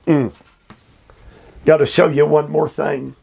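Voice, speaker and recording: An older man teaching a verse-by-verse Bible study sermon at home, slow and emphatic with drawn-out phrasing and repeated fillers. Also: fairly high pitch, flat delivery, creaky, a little mellow, breathy edge. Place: his home.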